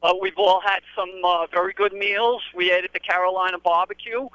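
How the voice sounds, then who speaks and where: A man's voice: high-pitched, steady tone, brisk, sharp tone, smooth, no echo, rough recording. A man with a New York accent, joking around in a casual live radio interview outdoors. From South Bronx, New York. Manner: wisecracking and jovial.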